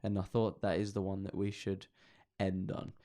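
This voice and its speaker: A man's voice: low voice, monotone, moderate pace, dark tone. A man co-hosting a comedy podcast, reading internet stories aloud with jokes and lots of swearing. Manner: swears a lot, jokey, reads stories aloud. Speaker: podcast co-host. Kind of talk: casual comedic chat.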